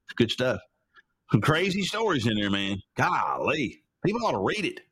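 A man hosting his own show, retelling Bible stories in an animated, casual preaching style. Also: medium pitch, moderate pace, slight background noise. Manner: animated storyteller, laughing asides. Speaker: host.

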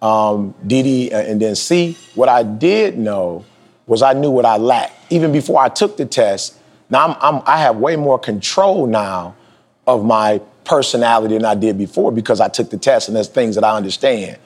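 Podcast host, man in his forties: husky, fired-up motivational speaker, street slang, climbs high when he hammers a point. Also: animated, normal speed. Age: 40s. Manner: emphatic, preachy, slangy street talk, pitch jumps high for emphasis. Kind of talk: motivational talk.

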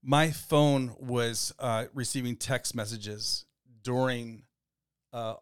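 A man co-hosting a podcast in casual chat, rambling and relaxed with plenty of fillers. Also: mid-range voice, slow pace, clean tone. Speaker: podcast co-host.

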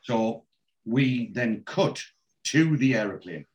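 A man casually retelling a TV episode as a podcast host, animated and full of voices. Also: medium pitch, slow pace. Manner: animated storyteller, doing voices.

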